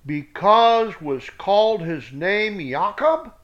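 A desperate grown son begs for his father's blessing, read out by a man. The voice is high for a man and comes slow and emphatic. The recording sounds dull and lo-fi. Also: animated. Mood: pleading.

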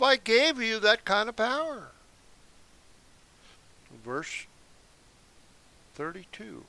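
This Bible teacher's voice is high and sharp, with vocal fry and big pitch swings. He sits indoors reading scripture verse by verse at a slow, deliberate pace, breaking in now and then with casual explanatory remarks.

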